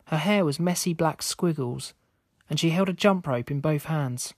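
A man reading a scripted spooky story aloud in a steady, measured way. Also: on the high side, no echo, studio quality. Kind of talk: scripted narration.

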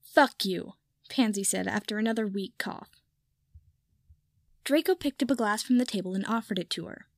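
A woman narrating a piece of fan fiction aloud in a steady storytelling manner. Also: mid-range voice, a little fast, gravelly, long pauses, dry recording, clean studio sound. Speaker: reader.

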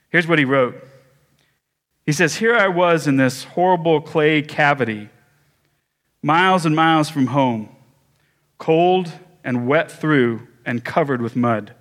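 A man pastor preaching a sermon, telling a story with measured pauses and small restarts. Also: a little high, a bit bright.

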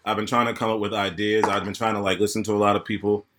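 A man's voice: fairly low pitch, level tone, quick pace, a bit bright, a little hiss or hum. A man in his thirties hosting a casual podcast chat among friends, easygoing and rambling, laughing often. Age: 30s. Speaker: podcast host and bartender.

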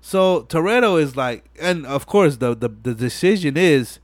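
A young man hosting a casual podcast, retelling movie scenes in an animated way and acting out the dialogue with lots of swearing. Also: fairly high pitch, unhurried, no echo. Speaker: podcast host. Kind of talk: casual chat.

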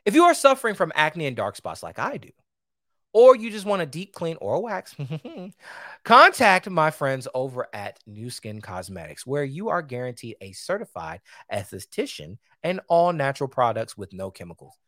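Male podcast host, heated ranting delivery with animated pitch swings, dry close mic. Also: normal speed, no room sound. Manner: heated, ranting, swinging between loud outbursts and low asides. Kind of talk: opinionated solo commentary.

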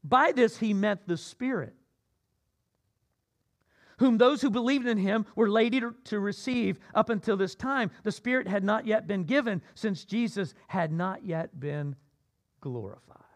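High-pitched guy preaching, gets loud and punchy then drops low. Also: unhurried. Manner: dynamic preaching, swings between loud emphatic cries and low asides. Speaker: pastor. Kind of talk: sermon.

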